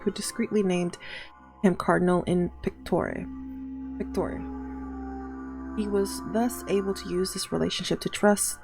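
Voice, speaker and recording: A woman with a gravelly, creaky edge to her voice hosts a let's play, reading the game's text aloud and stopping to add exasperated asides of her own. Her pitch sits in the middle range for a woman. Faint game music plays behind her. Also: a little mellow. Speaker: gaming channel host.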